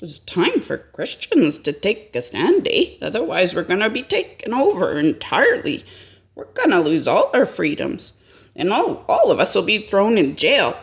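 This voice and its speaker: A woman's voice: mid-range voice, huge pitch swings, normal speed. A woman doing a rambling, folksy comic monologue and tagging her lines with a questioning "eh?". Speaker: comedian.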